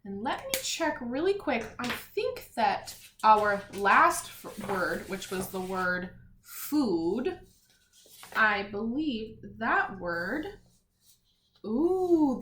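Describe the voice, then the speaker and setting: A woman teaching a lesson to young children, patient and clear, sounding out letters and words one by one. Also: a little high, a bit bright. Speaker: elementary school teacher. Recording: roomy echo, faint background noise.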